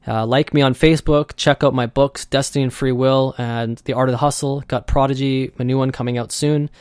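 A man's voice: mid-range voice, steady tone, brisk, darkish tone, clean tone, no room sound, clean studio sound. A man hosting his own podcast, talking loosely and conversationally and acting out the voices he quotes. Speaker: podcast host. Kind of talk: casual solo podcast monologue.

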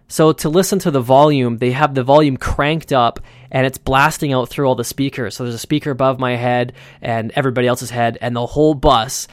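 A man's voice: mid-range voice, fairly even intonation, fairly quick, hardly any pauses, no room sound, studio quality. A man hosting a podcast, telling a personal story in a chatty, rambling way with lots of fillers and restarts. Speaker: podcast host. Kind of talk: casual storytelling monologue.

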